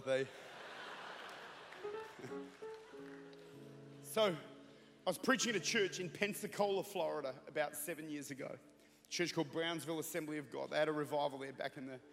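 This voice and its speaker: A man's voice: fairly high pitch, creaky, fairly bright tone. A man in his thirties preaching a sermon, telling a humorous story and building into fervent prayer. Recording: reverberant hall with music.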